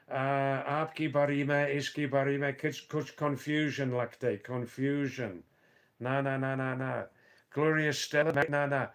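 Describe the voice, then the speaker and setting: A man hosts a live stream and reads viewers' comments aloud. He talks at an unhurried, drawn-out pace and rambles between replies. His voice sits at a middle pitch, and he tends to tease his viewers with dry asides. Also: level tone. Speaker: live stream host reading chat. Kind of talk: casual live stream chat. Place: Nepal or India.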